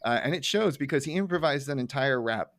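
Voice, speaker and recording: A man's voice: medium pitch, animated, a little fast, a bit bright, no echo. A man co-hosting a podcast, chatting in an easygoing way about a cartoon episode and chuckling often. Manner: easygoing, self-described nerd, chuckles often. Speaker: podcast co-host. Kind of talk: casual chat recapping an episode.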